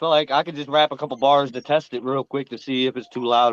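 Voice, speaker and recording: A man's voice: mid-range voice, fairly even intonation, fast, dull audio, soft background music. A man casually chatting and freestyle rapping on a livestream, with a profane, laid-back delivery.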